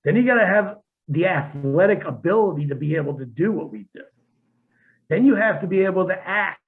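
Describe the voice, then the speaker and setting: A former wrestler on a podcast, talking in a blunt, profane, rambling way with many restarts. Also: male voice, sits high, animated, a little fast. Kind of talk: casual podcast chat. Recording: tinny phone-like line.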